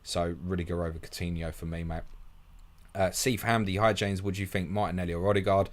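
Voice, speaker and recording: A deep-voiced man hosts a live fantasy football question stream. He reads questions out quickly and answers them in a blunt, matey way, tossing in "mate" at every turn. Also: fairly even intonation. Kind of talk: fast live Q&A reading viewer questions.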